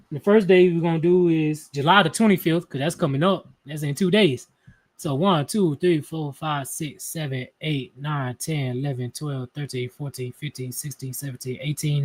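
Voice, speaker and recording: High-voiced man rambling on a live stream. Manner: rambling, profane, thinks aloud and counts out loud. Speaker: live-stream energy reader. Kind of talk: casual live-stream chat.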